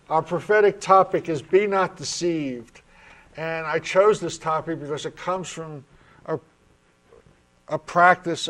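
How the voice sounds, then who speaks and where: A man's voice: fairly high pitch, fairly bright tone. A man with a New York accent who hosts a spiritual talk show, chatting with his panel in a friendly, earnest way. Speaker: host.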